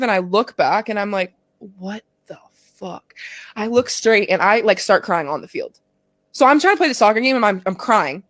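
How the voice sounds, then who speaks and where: A woman's voice: medium pitch, no echo. A woman in her twenties, a pro athlete guest on a podcast, telling a personal story candidly with lots of "like" and swearing. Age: 20s. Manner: candid, profane, fillers of "like", emotional retelling. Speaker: guest, pro soccer player.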